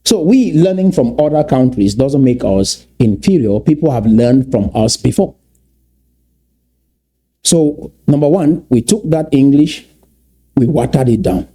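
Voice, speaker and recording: Husky, mellow man lecturing emphatically. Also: mid-range voice, animated, unhurried. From Cameroon. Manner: emphatic, repeats key phrases, stretches words for stress. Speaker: commentator. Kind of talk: lecture-style commentary.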